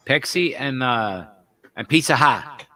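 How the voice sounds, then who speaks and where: A man co-hosting a podcast at a restaurant party, telling animated stories and swearing freely. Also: mid-range voice, slow pace. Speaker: podcast co-host. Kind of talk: casual chat.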